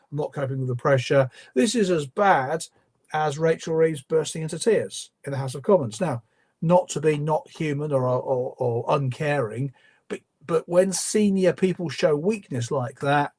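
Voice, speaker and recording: A man's voice: on the high side, darkish tone. Opinionated man hosting a live Q&A. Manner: opinionated, conversational, frequent ums and restarts. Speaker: livestream host. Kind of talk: live Q&A commentary.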